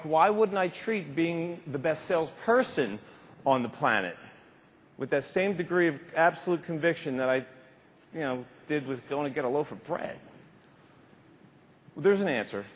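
A middle-aged man giving an animated, emphatic motivational keynote speech, acting out little scenes along the way. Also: medium pitch, normal speed, long pauses. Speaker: keynote speaker. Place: large convention hall. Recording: reverberant hall, faint background noise.

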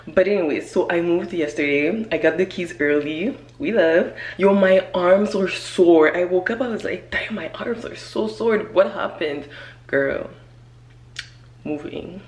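A woman's voice: lowish voice, a little fast, few pauses, darkish tone. Chatty young woman vlogging at home. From Canada. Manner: chatty, rambling, says "girl" and "like". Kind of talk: casual vlog chat.

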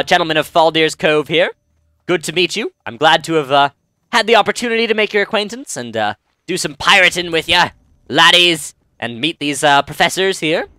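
A man's voice: medium pitch, pushed and bright, no room sound, studio quality. A man hosting a let's-play, chatting casually and rambling through commentary with many fillers and restarts. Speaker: game let's-play host.

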